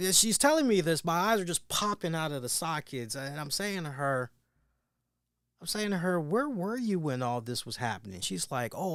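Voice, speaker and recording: Animated male wrestling-show host, dry close mic. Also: fairly high pitch, dry recording. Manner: emphatic, acts out quoted voices with loud bursts. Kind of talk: animated storytelling.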